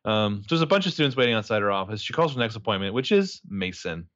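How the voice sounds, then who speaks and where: A man casually retells a TV episode, jumping into the characters' voices as he goes. His voice swings widely in pitch, and the recording sounds dry and a little dull. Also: quick pace, no room sound. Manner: animated, acts out characters' lines with profanity. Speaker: podcast co-host recapping a TV episode. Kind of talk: casual chat.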